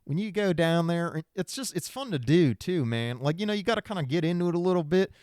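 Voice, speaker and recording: A man's voice: fairly high pitch, expressive, fast talker, a little mellow, clean tone, no echo, clean studio sound. A young man co-hosting a podcast in casual chat, playful and joking, often slipping into silly character voices. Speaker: podcast co-host.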